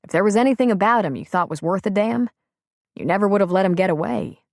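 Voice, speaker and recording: A woman voicing a frank, plain-spoken man on the phone in an audiobook, gently persuasive. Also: medium pitch, fast talker, vocal fry, dry recording, clean studio sound, lightly acted. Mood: earnest. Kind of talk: audiobook character reading.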